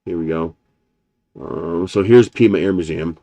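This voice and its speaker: A man's voice: deep voice, unhurried, mellow, no echo. Rambling, casual male streamer. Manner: rambling storyteller, swears casually; chuckles often while talking. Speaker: live streamer. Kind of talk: casual chat.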